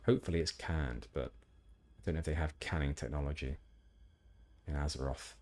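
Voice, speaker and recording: A man's voice: very deep voice, steady tone, moderate pace, a little mellow. A man streaming a game, chatting casually with rambling, self-deprecating asides. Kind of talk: casual gameplay commentary.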